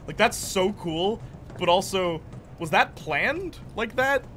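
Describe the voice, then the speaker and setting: A man's voice: high-pitched, expressive, slow, fairly bright tone, slight background noise. A young man streaming a video game, rambling casually and answering chat, laughing often. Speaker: gaming streamer. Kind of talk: casual chat while playing. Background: game music.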